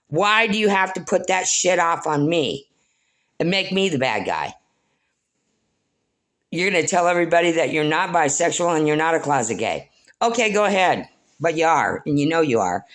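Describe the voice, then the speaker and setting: A middle-aged woman rambling through a personal monologue to her viewers, blunt, scolding and preachy, calling them "folks.". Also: fairly low pitch. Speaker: spiritual vlogger.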